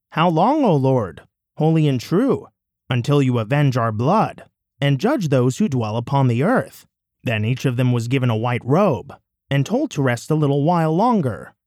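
A man giving a measured, solemn, declamatory scripture reading. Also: medium pitch, darkish tone, no room sound, clean studio sound. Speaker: scripture reader.

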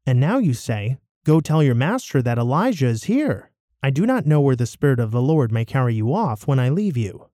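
A man's voice: mid-range voice, very animated, normal speed, warm tone, no room sound, studio quality, close to an everyday voice. A man reading as a frightened, pleading steward. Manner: anxious, pleading.

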